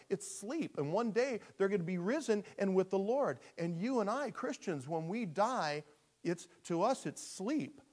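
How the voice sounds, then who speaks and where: Animated, lively-voiced male pastor preaching. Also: on the high side. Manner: animated storytelling, swings from hushed to shouting. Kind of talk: sermon.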